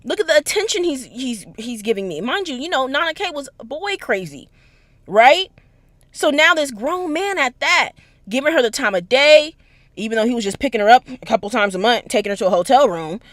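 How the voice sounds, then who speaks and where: A woman giving an animated, slangy analysis of a story in casual talk. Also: high voice, normal speed, dry recording, clean studio sound. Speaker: anime commentator.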